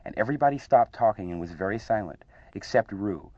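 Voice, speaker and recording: A man reading a children's story aloud in an expressive, animated way, on a dull lo-fi 1970 archive radio recording. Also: lowish voice, brisk, no echo.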